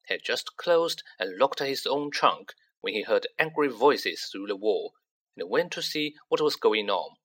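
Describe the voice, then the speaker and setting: Expressive, bright storybook narrator. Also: mid-range voice, unhurried. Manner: expressive, acts out each character. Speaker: audiobook narrator. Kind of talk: storybook reading.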